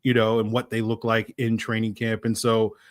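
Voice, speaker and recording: A man co-hosting a sports talk podcast, who talks in a measured, thoughtful way with some fillers. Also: fairly low pitch, monotone, no room sound, clean studio sound. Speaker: podcast co-host.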